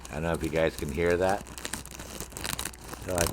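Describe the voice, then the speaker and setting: Deep-voiced middle-aged guy streaming a game, rambling to chat, swears a lot, jokes around. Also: fairly even intonation, normal speed, a little hiss or hum. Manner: rambling, profane, jokey, talks to chat. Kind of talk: casual gaming stream chat.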